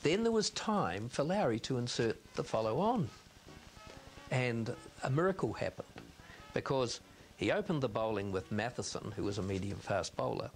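A man's voice: on the low side, slight background noise. A man, steadily explaining old cricket history for a documentary. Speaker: storyteller recounting cricket history. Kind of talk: documentary recollection.

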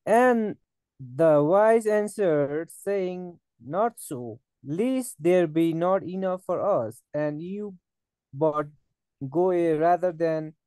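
A man reads scripture aloud at an unhurried pace. His voice is mellow and smooth, and the sound is dry and close, with no room echo. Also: a little high, expressive. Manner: slow, careful reading with occasional stumbles. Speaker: scripture reader.

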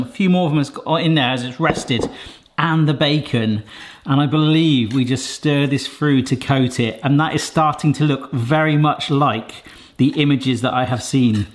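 A man's voice: on the high side, normal speed. A British man hosting a casual cooking vlog, chatty and enthusiastic, exclaiming as he tastes. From Britain. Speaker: cooking vlogger.

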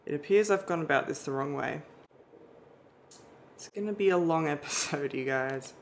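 A woman doing let's-play commentary, chatty and excitable, squealing at surprises and talking back to the enemies. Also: low-pitched, normal speed, background noise. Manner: chatty, talks to the viewers and the enemies. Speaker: gamer playing a story game. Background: loud game music and gunfire.

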